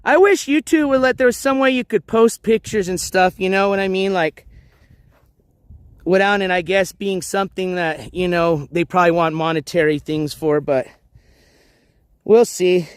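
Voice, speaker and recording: A man's voice: high voice, normal speed, clear, resonant tone, no echo. A man vlogging live outdoors while walking his dogs by the water, talking in a blunt, profane, rambling way full of fillers. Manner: blunt and profane, lots of "you know" fillers. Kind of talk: casual rambling live-stream chat.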